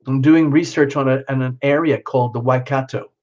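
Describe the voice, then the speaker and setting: Male live-stream tarot host, casual and chatty, greets viewers by name, excitable; mid-pitched voice, muffled lo-fi sound. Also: a little fast. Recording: dull lo-fi stream audio.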